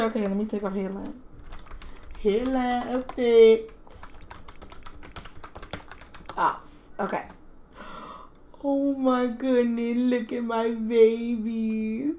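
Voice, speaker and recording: A woman's voice: fairly high pitch, fairly even intonation, slow pace, long pauses, dark tone. A woman giving casual gameplay commentary, doting and gushing over her toddlers. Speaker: game streamer.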